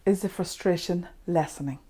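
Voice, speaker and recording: Woman, guided tapping session, slow repeated affirmations, lowish voice. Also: warm tone, slightly rough.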